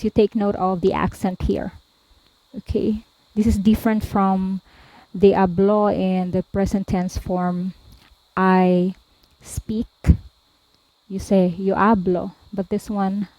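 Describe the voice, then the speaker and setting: A woman tutor slowly explaining verb forms, pausing often and repeating each one. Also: medium pitch, dark tone, no room sound, rough recording. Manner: deliberate, repeats each form, frequent "um" and "okay". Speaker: language tutor. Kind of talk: slow explanatory lesson.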